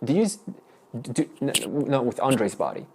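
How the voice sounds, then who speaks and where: Lively questioning male teacher. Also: mid-range voice, moderate pace, noisy background. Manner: questioning, repeats questions with restarts. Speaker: Vedanta teacher. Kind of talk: interactive spiritual lesson. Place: teaching room with class.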